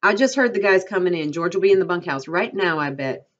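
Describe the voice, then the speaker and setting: A woman reading aloud, voicing an old ranch hand who speaks in a plain, quiet way, in a dull lo-fi recording. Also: on the low side, lively intonation, fast talker, pitched above the performer's own voice. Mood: worried. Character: old one-handed ranch swamper, man.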